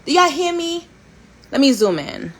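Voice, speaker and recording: A woman in her thirties, from a Haitian family, hosting a casual storytelling chat in a candid, sarcastic and animated way, swearing and laughing often. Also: sits high, normal speed, low-quality recording. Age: 30s. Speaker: host.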